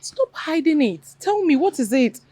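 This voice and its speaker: A prying Nigerian palace maiden. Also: female voice, mid-range voice, lively intonation, measured pace, a little mellow, no echo, rough recording. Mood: coaxing. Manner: persistent, coaxing. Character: young female palace maiden, prying and caring.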